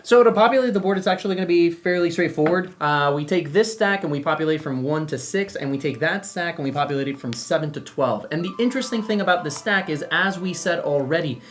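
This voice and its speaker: A woman's voice: on the low side, expressive, fast, few pauses. A woman hosting a board game video, explaining the setup in a chatty, upbeat way. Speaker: board game channel host.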